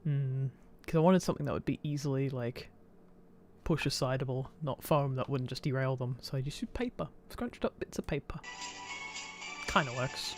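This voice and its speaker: A man's voice: medium pitch, normal speed, faint music behind. A man giving a casual, self-deprecating commentary over his old home videos and laughing often.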